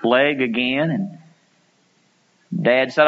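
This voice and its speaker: A man preaching a sermon, telling stories and acting out quotes, climbing to loud pleading peaks. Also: mid-range voice, unhurried, highs cut off.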